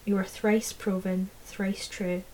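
A woman's voice: medium pitch, flat delivery, slow pace, a little mellow, natural voice, rough recording. A woman reading aloud, voicing a proud, cold fairy lord who speaks with hissing contempt. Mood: haughty. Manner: hissing, haughty.

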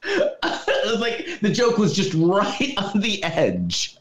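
A man co-hosting a chatty podcast walks through a movie's plot at a slow, unhurried pace. His voice sits a little high, and his laughter breaks into the retelling. The sound carries an echoey room. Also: wildly swooping pitch, fairly bright tone. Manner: laughing, storytelling recap with quoted lines. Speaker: podcast co-host. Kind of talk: casual chat recapping a movie.

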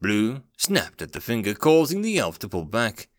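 A man narrating a fantasy story aloud, expressive in his storytelling. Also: fairly low pitch, moderate pace, no echo, studio quality.

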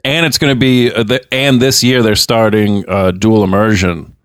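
A man's voice: lowish voice, steady tone, normal speed, clean tone, no room sound, studio quality. A man co-hosting a casual podcast, rambling with fillers and restarts. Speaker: podcast co-host, father.

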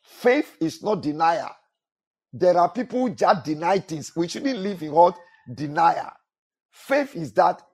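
A man's voice: on the high side, lively intonation, measured pace, darkish tone, slightly rough. A male pastor preaching a sermon, repeating phrases and asking the congregation to fill in words. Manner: repetitive preaching with call-and-response questions to the congregation.

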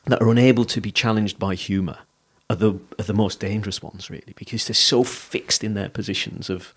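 A man's voice: lowish voice, fairly even intonation, brisk, breathy edge. A man co-hosting a podcast in casual chat, reflective and rambling, thinking aloud with frequent restarts. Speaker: podcast co-host.

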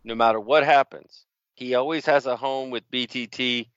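A man's voice: mid-range voice, steady tone, normal speed, a bit bright, clean tone, dry recording. Man cracking dry jokes on a dull mic. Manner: dry, joking asides. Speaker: podcast co-host. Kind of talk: casual chat.

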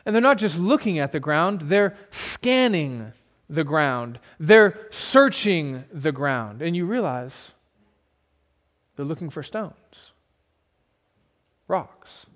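A pastor preaching a sermon, retelling a scene in vivid second person with dramatic pauses. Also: male voice, fairly high pitch, very animated, a bit bright.

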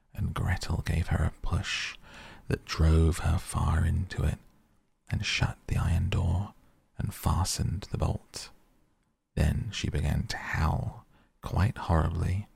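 Male narrator, very low and gravelly, husky, dry close sound. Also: darkish tone, no room sound. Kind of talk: fairy tale reading.

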